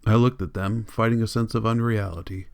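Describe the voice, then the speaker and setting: A man reading a novel aloud as an audiobook narrator, in a measured, even way. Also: fairly low pitch, clean tone. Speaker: audiobook reader.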